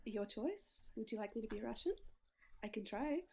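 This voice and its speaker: A woman's voice: fairly high pitch, expressive, normal speed, a little mellow, breathy edge. A woman guest chatting casually while co-reading a game, in a teasing, jokey manner. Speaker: guest co-reader.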